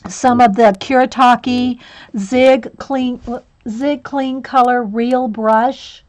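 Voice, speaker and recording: A woman walks viewers through a coloring project in a relaxed livestream style. She talks in a chatty way, giggles often and fills pauses with ums. Her voice sits a little high. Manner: chatty, giggly, with frequent fillers. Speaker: coloring channel host. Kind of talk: casual livestream tutorial.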